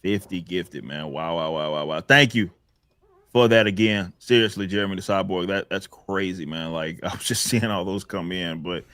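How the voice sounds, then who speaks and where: A man hosting a casual livestream panel, talking in halting, rambling sentences with many restarts. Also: sits low, a bit bright, dry recording. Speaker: stream host.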